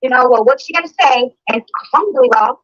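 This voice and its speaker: A woman's voice: high-pitched, fast, a bit bright, no room sound. A woman hosting a livestream, upset and defensive in a heated argument. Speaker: livestream host. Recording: dull lo-fi stream audio.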